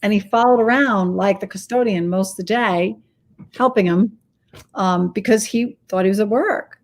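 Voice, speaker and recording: A woman's voice: medium pitch, moderate pace. A woman hosting a casual interview, chatty and enthusiastic, telling stories from her own life. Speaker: host.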